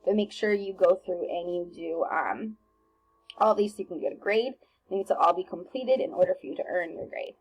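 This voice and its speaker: Teacher lady going over comma rules, low-ish husky voice, lots of ums, laid back. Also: fairly quick, low-quality recording. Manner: relaxed and chatty, many ums and self-corrections. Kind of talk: recorded grammar lesson over slides.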